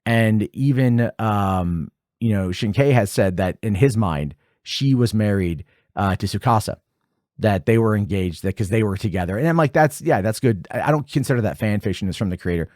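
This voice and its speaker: A man in his forties hosting a casual film commentary, animated and jumping high in pitch when excited. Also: normal speed, no echo, studio quality. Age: 40s. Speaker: podcast host.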